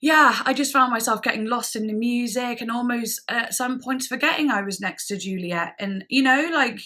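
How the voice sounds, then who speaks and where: Bright-voiced, chatty young woman. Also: on the high side, moderate pace. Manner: chatty, giggly, lots of fillers and quoted dialogue. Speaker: vlogger. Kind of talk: casual storytelling vlog.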